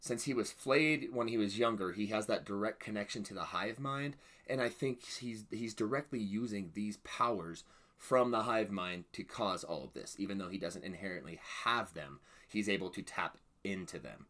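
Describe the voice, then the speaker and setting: A man reviewing a show for his reaction channel, speaking in a lowish, forceful voice. He is excitable and keeps bursting into loud exclamations. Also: normal speed.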